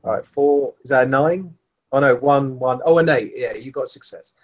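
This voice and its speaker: A man narrates as game master for a tabletop session, stumbling over his words and laughing between fillers. His voice sits at an ordinary pitch, and the recording sounds dull and lo-fi. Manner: halting, laughing, with many fillers.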